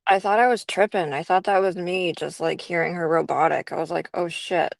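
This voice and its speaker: A woman's voice: lowish voice, brisk, creaky, no echo. A woman hosting a livestream, chatting casually about a trial. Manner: laughing, chatty. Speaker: livestream host.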